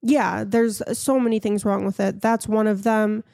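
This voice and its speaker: A woman's voice: medium pitch, steady tone, normal speed, gravelly, dark tone, dry recording, clean studio sound. A woman hosting a casual podcast, frank and opinionated, telling a story to her co-host.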